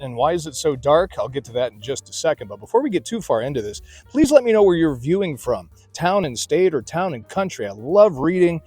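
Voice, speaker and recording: A man's voice: a little high, big pitch swings, fairly quick, few pauses, mellow, husky, no echo, faint music behind. A middle-aged man hosting a casual beer review outdoors at night, talking in a chatty, folksy way with rambling asides. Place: outdoor beer garden at night under a spotlight.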